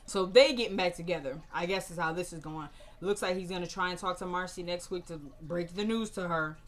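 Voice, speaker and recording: A woman's voice: lowish voice, a little fast, hardly any pauses, a little hiss or hum. A woman casually recapping a TV drama episode, retelling scenes by quoting the characters and filling the gaps with "like" and "you know".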